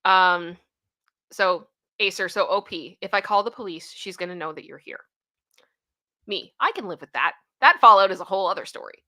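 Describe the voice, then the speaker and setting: Reading quotes and stories aloud at normal speed, this woman reacts with animated outbursts of disbelief and laughter. Her voice is fairly low, and the commentary stays casual.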